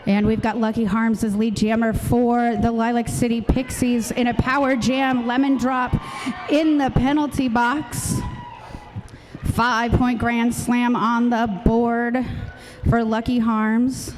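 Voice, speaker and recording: A woman's voice: fairly high pitch, flat delivery, slow, background noise. A woman announcing a roller derby bout, giving live commentary and reading out the roster.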